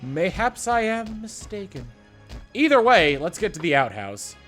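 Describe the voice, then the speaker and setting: A man's voice: sits high, big pitch swings, unhurried, a bit bright, faint music behind. A man playing a video game and commenting playfully, with silly asides and rambling thoughts. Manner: playful, silly, bursts into made-up songs. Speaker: let's-play host. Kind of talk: gaming commentary.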